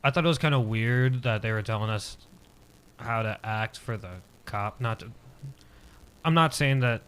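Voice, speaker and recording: A man's voice: mid-range voice, normal speed, fairly bright tone, smooth. A man in his twenties, a podcast guest, telling a personal story casually and hesitantly, with many filler words.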